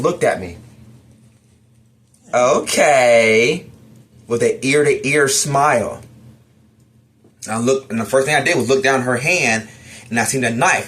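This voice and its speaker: Brief: man, mid-pitched, personal storytelling, retells a nightmare with dramatic acted-out lines. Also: moderate pace, a bit bright. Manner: dramatic retelling, acts out his own lines in the dream. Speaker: testimony storyteller.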